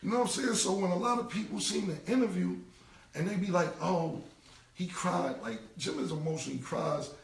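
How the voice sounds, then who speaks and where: A man's voice: high voice, normal speed, creaky, echoey room, distant mic, a little hiss or hum. A man, talking bluntly and repetitively in a casual live-stream rant. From United States. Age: 40s. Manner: blunt, repetitive street talk. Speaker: rapper.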